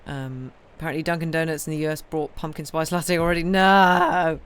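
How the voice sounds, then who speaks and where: A woman's voice: low voice, fairly even intonation, fast, clear, resonant tone. Lady streamer, sleepy and rambly, lots of ums, just chatting with chat at home. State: tired, yawning. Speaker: livestream host reading books aloud. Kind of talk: casual chat with viewers.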